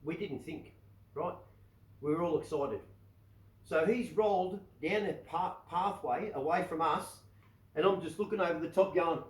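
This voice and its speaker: A man hosting his own show, telling an animated anecdote to the camera and tagging his lines with "right?". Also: a little high, moderate pace. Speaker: host. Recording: echoey room, distant mic.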